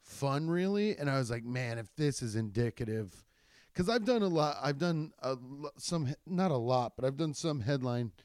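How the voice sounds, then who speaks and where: A man's voice: fairly high pitch, normal speed, hardly any pauses, darkish tone, clean tone, no room sound, clean studio sound. A man, a stand-up comedian, telling rambling, profane stories in a casual chat with many restarts. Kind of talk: casual storytelling podcast.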